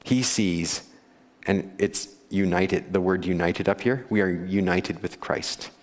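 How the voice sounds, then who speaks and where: A male pastor delivers his sermon in an easy, conversational way, chuckling and putting questions to the congregation. His voice sits on the low side. The sound carries the long reverb of a church sanctuary. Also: slow pace. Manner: conversational, laughs often, asks the congregation questions.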